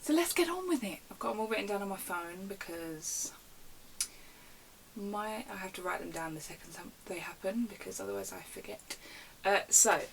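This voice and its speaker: A young woman chats through a vlog storytime rant, acting out quotes with a chatty, animated delivery. She speaks at a middling pitch and sounds a little distant from the mic. A faint hiss sits under her voice in a home bedroom. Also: moderate pace, gravelly. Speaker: vlogger.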